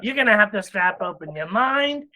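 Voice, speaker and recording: A man voicing a creepy male alien torture expert in a slow, drawn-out, high character voice for a comedy audio drama. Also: animated, pushed and bright, full character voice. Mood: sinister glee.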